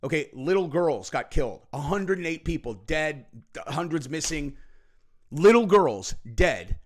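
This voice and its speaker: A man's voice: a little high, sing-song, measured pace. A man hosting a political reaction show, ranting angrily and cursing, tagging his points with "okay?" and "right?". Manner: angry, profane, ranting with frequent "okay?" and "right?". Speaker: political commentary host. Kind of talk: heated reaction commentary.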